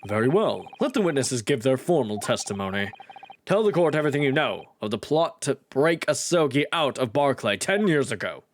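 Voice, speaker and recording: A man's voice: mid-range voice, very animated, lightly acted. A man voicing a grave, formal male judge in a courtroom video game. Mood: stern. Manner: measured, formal pronouncements.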